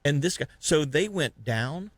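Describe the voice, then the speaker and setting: Animated man telling a fishing story. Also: on the high side, measured pace, breathy edge. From Florida. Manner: animated storyteller acting out other anglers. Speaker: fishing podcast host. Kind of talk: casual storytelling chat.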